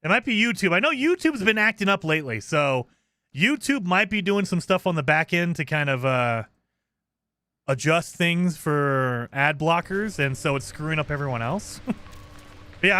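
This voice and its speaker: A man's voice: on the high side, normal speed. A man streaming a video game, chatting casually and animatedly with his viewers. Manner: animated, talking to chat. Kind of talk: casual live gameplay chat.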